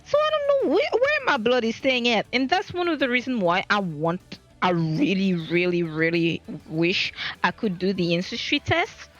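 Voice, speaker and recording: A woman's voice: medium pitch, big pitch swings, normal speed, few pauses, fairly bright tone, lo-fi sound, soft background music. A woman streamer talking in a casual live-stream monologue, rambling and flustered, often stammering and restarting her sentences.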